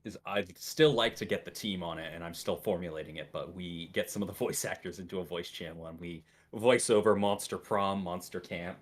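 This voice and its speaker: Man, guest in casual chat, very deep voice, joking, offhand. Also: brisk, hardly any pauses.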